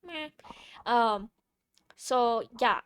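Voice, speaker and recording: A young woman vlogger telling a casual story, chatty and playful, swearing freely with quick asides. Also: on the high side, a bit bright, slight background noise.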